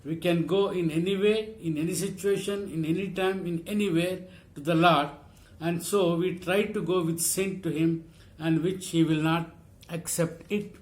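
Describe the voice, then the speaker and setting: A man preaching a sermon, reading scripture and repeating phrases slowly for emphasis. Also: a little high, steady tone, a little mellow.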